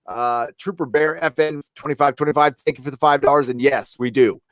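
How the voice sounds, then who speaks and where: A man's voice: medium pitch, steady tone, a little fast, a bit bright. A man hosting a live stream from his home desk, talking in a blunt, fired-up way to rally his viewers. His voice sits in the middle of the male range, and the sound is close and completely dry, with no room echo. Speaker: livestream host. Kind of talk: casual live-stream chat.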